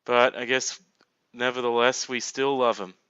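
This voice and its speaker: A man's voice: medium pitch, steady tone, moderate pace, a bit bright, clean tone, no echo, dull audio. A man giving casual blind reaction commentary, chatting and laughing aloud as he watches. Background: cartoon audio playing faintly.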